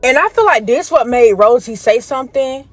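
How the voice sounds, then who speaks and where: A woman recounts a wild night in a lively story-time telling, slipping in and out of the voices of everyone involved. Her voice sits a little high, and the recording is close and dry with no room sound at all. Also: normal speed, dry recording, faint music behind. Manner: animated retelling, acts out quoted voices.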